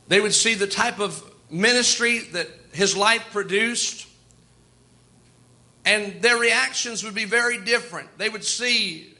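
A man's voice: high-pitched, sharp tone. A man preaching a sermon in a folksy, storytelling way. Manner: folksy, storytelling, chuckles often.

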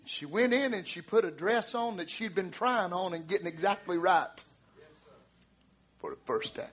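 A male preacher delivering a sermon through dramatic storytelling, with repeated refrains and calls to the congregation that build to shouts. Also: high-pitched, animated, normal speed, slightly rough.

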